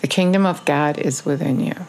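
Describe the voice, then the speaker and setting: A woman's voice: low-pitched, a little fast, a little mellow, a little hiss or hum. A woman giving a casual video sermon, urging listeners in earnest, repetitive phrases with frequent ums. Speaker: online preacher.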